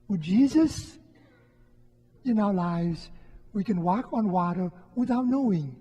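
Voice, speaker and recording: During Mass, a Catholic priest gives a homily in a soft, husky, mellow voice that sits high. He's gentle and reflective, pausing often, while the lo-fi sound carries the church's long reverb.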